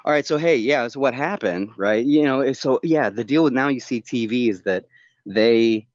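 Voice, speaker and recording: A man talking earnestly and casually on a livestream call, halting and rambling with many restarts. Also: mid-range voice, dry recording. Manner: earnest, confessional. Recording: dull, dry lo-fi call audio.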